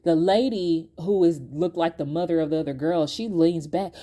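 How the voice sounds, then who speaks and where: Chatty woman host with a mellow voice. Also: sits low, moderate pace. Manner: chatty and animated, laughing often, talking straight to the audience. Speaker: podcast host. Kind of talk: casual storytime to viewers.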